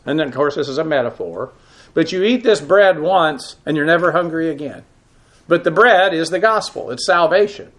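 A man's voice: a little high, fairly bright tone. Man teaching scripture, full of "uh"s. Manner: explanatory, many filler "uh"s. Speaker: Bible teacher. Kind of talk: teaching sermon.

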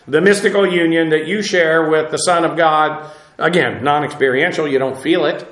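A man teaching scripture in a measured, explanatory way, often pausing on small filler sounds. His voice sits a little high for a man. The room around him rings with echo. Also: fairly even intonation, a bit bright. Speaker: Bible teacher. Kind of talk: sermon.

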